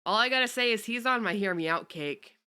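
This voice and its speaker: A woman's voice: medium pitch, a little fast, bright, forceful tone, clean tone. A young woman streamer chatting casually with her viewers, greeting them and cursing offhandedly. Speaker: VTuber streamer. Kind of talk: casual livestream chat.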